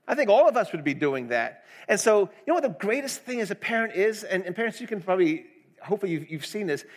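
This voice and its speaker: A middle-aged man preaching a sermon, earnest and conversational, asking the congregation questions. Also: high voice. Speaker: pastor.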